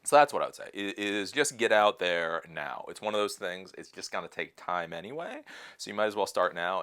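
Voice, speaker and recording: A man in his late thirties hosting a casual advice talk, speaking animatedly and mimicking other people in high put-on voices. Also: bright, forceful tone. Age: 30s. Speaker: host.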